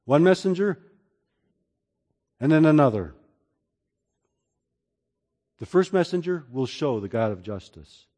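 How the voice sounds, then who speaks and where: Pastor preaching in a reverberant hall. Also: male voice, sing-song, measured pace, pauses often. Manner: swings between loud emphasis and quiet, low passages. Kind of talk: sermon.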